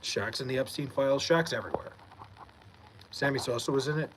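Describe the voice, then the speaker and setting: Young man from New York, live-stream host, mid-pitched, easygoing and foul-mouthed, faint background hum. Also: fairly quick, fairly bright tone, low-quality recording. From Long Island, New York. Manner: reads viewer messages aloud, laid-back, swears freely. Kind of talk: casual live-stream chat Q&A.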